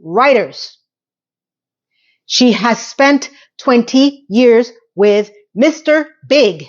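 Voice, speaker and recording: Woman ranting about a tv episode, kinda hoarse, high-ish voice, dull lo-fi sound. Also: animated, very slow, pauses often. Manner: exasperated, sarcastic, talks to viewers. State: losing her voice. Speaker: TV recap vlogger. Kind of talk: animated ranting recap.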